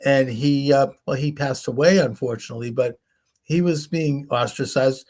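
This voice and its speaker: A man's voice: mid-range voice, fairly even intonation, moderate pace, darkish tone. A man hosting a talk show, rambling as he retells stories and acts out the people in them. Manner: rambling storyteller, acts out quoted voices. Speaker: host. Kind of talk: casual conversation.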